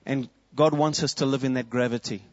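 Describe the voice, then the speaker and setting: A man's voice: medium pitch, fairly even intonation, fairly quick, no echo, muffled recording. A man preaching a sermon as a pastor, earnest, quoting prayers and his children.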